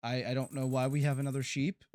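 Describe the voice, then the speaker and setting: An American man streaming a farming game, chatting casually to his viewers and often stumbling over his words before breaking into excited outbursts. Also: medium pitch, fast talker. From United States. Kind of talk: casual gameplay commentary to chat.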